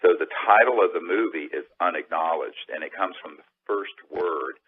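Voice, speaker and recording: A man being interviewed, telling stories in a lively way, acting out the people he quotes and laughing often. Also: deep voice, normal speed, noisy background. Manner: animated, acts out quoted voices, laughs often. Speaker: interview guest. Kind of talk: conversational storytelling. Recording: dull lo-fi audio.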